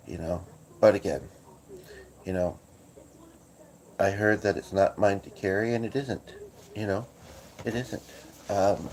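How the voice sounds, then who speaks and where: Groggy deep-voiced man rambling on a livestream. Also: darkish tone, slight background noise. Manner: halting, many fillers and restarts. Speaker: livestream host. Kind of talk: casual rambling livestream chat. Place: at home on a couch.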